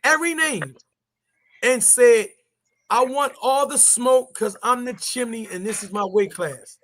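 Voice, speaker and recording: A man's voice: extremely high pitch, a little slow, fairly bright tone. A man hosting a boxing podcast, reading updates and putting questions to a caller. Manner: reads updates, then hands over to the guest with questions. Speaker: podcast host.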